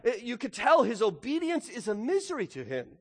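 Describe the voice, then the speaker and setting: A man preaching a sermon in a church, animated, swinging from loud to hushed and acting out the lines he quotes. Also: extremely high pitch, brisk, slightly rough. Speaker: pastor. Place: church sanctuary. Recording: long hall reverb.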